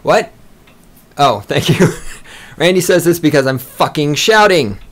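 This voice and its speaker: A man hosting a podcast from a small studio, ranting loudly and boastfully with heavy swearing. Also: a little high, animated, a little slow. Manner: loud, fired-up, profane and boastful. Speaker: podcast host. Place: small recording studio with a control room.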